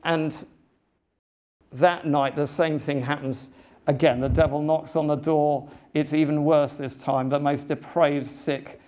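A man preaching a sermon, telling a story in an earnest, halting way with many restarts. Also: mid-range voice, a little mellow.

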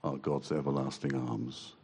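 A man giving a halting, emotional personal testimony to a church congregation. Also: extremely low pitch, steady tone, vocal fry, a little mellow, slightly rough. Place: church hall. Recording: long church reverb.

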